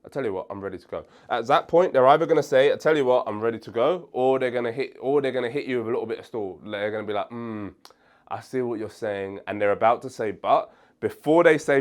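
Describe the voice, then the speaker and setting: A young man teaches sales techniques in an upbeat, animated way. He switches between his own voice and short acted replies from a prospect, laughing now and then. His pitch sits in a middle range. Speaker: sales coach. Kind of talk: energetic sales training.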